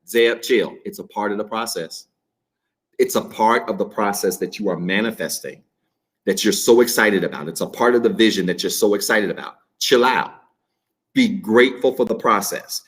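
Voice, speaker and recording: A man's voice: fairly low pitch, moderate pace, a bit bright. A man preaching a sermon to an online congregation, emphatic and repetitive, speaking straight to his viewers. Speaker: pastor. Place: church livestream.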